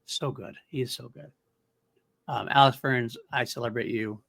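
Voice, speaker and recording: A man's voice: mid-range voice, steady tone, normal speed, creaky, fairly bright tone, no echo. A man hosting a podcast in casual chat, enthusiastic and rambling, laughing often. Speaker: podcast host.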